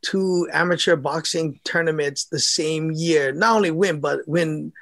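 High gravelly man. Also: a little slow. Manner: animated, laughing often, acts out quotes. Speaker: former amateur boxer, guest. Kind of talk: casual storytelling interview.

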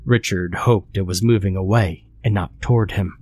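A man reads a horror story aloud in a steady, measured way. His voice sits fairly low, and the delivery is scripted narration. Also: breathy edge.

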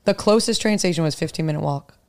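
A young woman guest in a casual chat, chatty and quick with wry jokes. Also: sits low, creaky, darkish tone. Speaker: guest, improv comedian.

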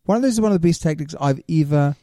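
Very dark-voiced man chatting. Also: a little high, expressive, racing, dry recording, studio quality. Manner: chatty, joking, trails off mid-sentence. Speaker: podcast co-host. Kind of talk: casual sports chat.

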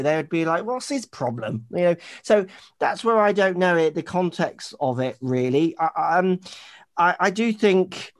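A man from the United Kingdom with a British accent, co-hosting a relaxed podcast. His voice sits a little high, and he talks in a rambling, sarcastic way, trailing off and circling back. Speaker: podcast co-host. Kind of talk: casual chat.

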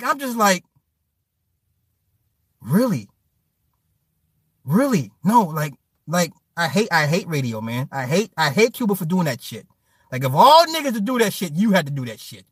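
A man with a high, bright, ringing voice rants to his viewers in a loose, crude, joking way, laughing as he talks. His pitch swings up and down. The sound is dry and close, with no room around it. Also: sing-song, normal speed, husky, no room sound. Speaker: streamer. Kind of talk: casual rant to viewers.

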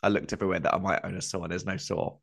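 A man's voice: low voice, little pitch movement, very fast, vocal fry, a bit bright, breathy edge. A man co-hosting a comedy podcast, telling a meandering anecdote in casual chat, full of fillers.

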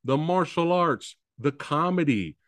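A man's voice: fairly high pitch, lively intonation, a little slow, a bit bright. A man hosting an interview podcast, talking with hyped, enthusiastic fan energy. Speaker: podcast host. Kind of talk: casual interview chat.

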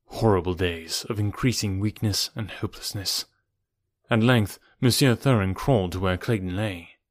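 A man reading a novel aloud as narrator, in a measured, somber way. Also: lowish voice, no echo, clean studio sound. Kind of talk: audiobook narration.

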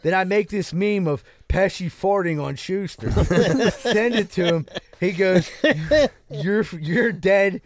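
A man's voice: high voice, measured pace, no echo. A man telling a long, profane, rambling story on a podcast and laughing at his own jokes. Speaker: podcast co-host. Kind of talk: casual storytelling.

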